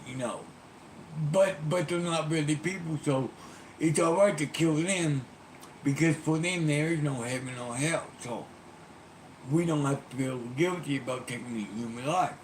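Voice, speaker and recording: A man's voice: mid-range voice, fairly quick, hardly any pauses, roomy sound, slight background noise, voice pushed up, close to an everyday voice. A man voicing a furious middle-aged man who curses and rants at a little girl. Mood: outraged ranting. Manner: shouting, cursing, ranting.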